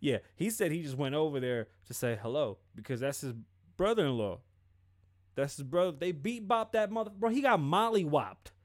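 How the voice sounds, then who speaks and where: A man's voice: fairly high pitch, animated, moderate pace. A male host giving casual, profane pop-culture commentary on a livestream and acting out quoted dialogue.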